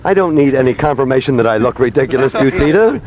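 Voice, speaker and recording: A man's voice: mid-range voice, lively intonation, fast talker. Hammy radio host man, muffled aircheck. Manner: hammy and theatrical, leading a crowd in chants. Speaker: radio morning show host. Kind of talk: zany live radio broadcast. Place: outdoors at an airport with a crowd.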